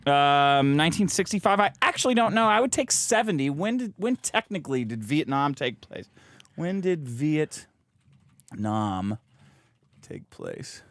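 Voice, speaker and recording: Brief: male podcast co-host, provocative jokester, very animated bright delivery, dry close sound. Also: fairly high pitch, unhurried, no echo. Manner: provocative, mocking, jokey. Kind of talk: crude comedic banter.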